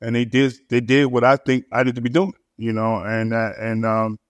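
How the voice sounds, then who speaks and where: A man talks through his story as a pastor, stumbling over repeated words and fillers between phrases. His voice sits at an ordinary middle pitch and sounds close and dry, with no room echo around it. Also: level tone, normal speed, clear, resonant tone. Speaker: pastor and church planter. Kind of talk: casual conversational storytelling.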